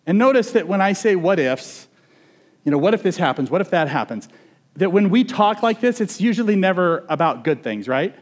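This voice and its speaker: High-voiced male pastor preaching conversationally. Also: very animated, brisk. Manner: conversational, asks the congregation questions. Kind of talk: sermon.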